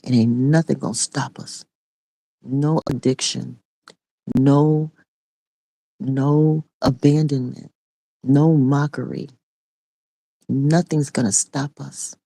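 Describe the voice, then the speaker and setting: A woman's voice: very deep voice, steady tone, slow pace, creaky, pauses often, warm tone, dry recording. A middle-aged woman and online preacher giving an impassioned spoken testimony in a repetitive, raw preaching cadence.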